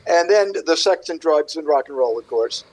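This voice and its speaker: A man, a guest artist on a radio interview, telling his story in a rambling, animated way and acting out what people said. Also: a little high, normal speed, poor audio.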